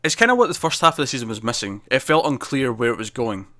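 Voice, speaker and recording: A man co-hosting a TV review show, chatting casually in a quick, animated way with frequent restarts. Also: medium pitch, no echo, studio quality. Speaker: TV review podcast co-host. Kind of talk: casual chat.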